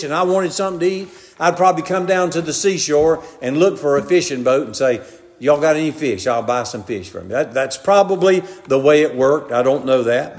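Older male preacher, Southern drawl, fairly high voice, homely down-to-earth delivery with a long church echo. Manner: homely storytelling, repeatedly addressing "brethren". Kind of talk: folksy conversational sermon. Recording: long reverb of a large hall.

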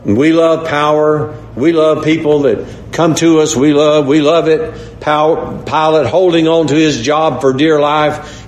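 Earnest preacher in an echoey room. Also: male voice, a little high. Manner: earnest, repetitive, addresses listeners as brethren. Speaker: pastor. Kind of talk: sermon.

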